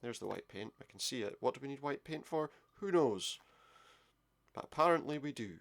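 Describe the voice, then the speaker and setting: A man's voice: medium pitch, expressive, fairly quick, vocal fry. A man giving casual commentary while playing a game, muttering his thoughts aloud. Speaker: let's play gamer.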